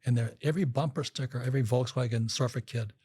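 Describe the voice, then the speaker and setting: A man's voice: mid-range voice, fast, warm tone, husky, no room sound, clean studio sound. An older man telling rambling stories in a casual interview, acting out quotes with frequent restarts. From Hawaii. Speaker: guest.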